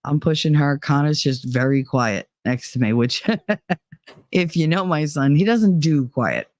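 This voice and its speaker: A woman's voice: deep voice, unhurried, darkish tone, no room sound. A woman hosting a podcast, telling personal stories in a candid, profane, laughing way. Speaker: podcast host. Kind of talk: casual personal storytelling.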